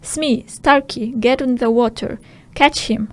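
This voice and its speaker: A woman reading a storybook audiobook, voicing a furious, pompous male pirate captain who shouts his lines. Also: fairly high pitch, normal speed. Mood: angry shouting. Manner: shouting, blustering.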